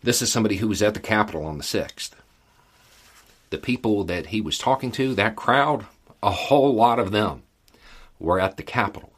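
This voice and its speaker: A man with a very deep, husky voice talks through the news in a folksy, conversational way. He leans on repeated phrases for emphasis and keeps an easygoing commentator's tone. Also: normal speed, a bit bright. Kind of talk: casual political commentary.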